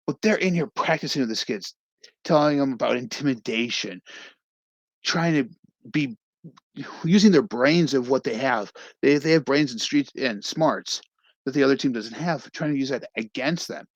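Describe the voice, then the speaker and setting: A man's voice: mid-range voice, dry recording, dull audio. A young man casually recapping a comedy film as a review host, rambling and acting out scenes with quoted lines.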